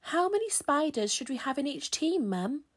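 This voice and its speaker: Storybook girl spider, small and eager, woman voices her, high lively questions. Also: moderate pace.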